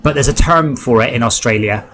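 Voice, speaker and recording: A man from Devon in England jokes and chats as he streams a game, his broad West Country accent running off on tangents. He talks fairly quickly in a medium-pitched, fairly bright voice, with a little hiss or hum on the recording.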